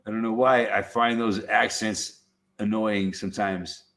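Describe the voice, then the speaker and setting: A man's voice: lowish voice, level tone, a little slow, a bit bright. Blunt, easygoing man from Southern California. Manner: blunt, swears freely, laughs often. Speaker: YouTube channel host. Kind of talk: casual chat.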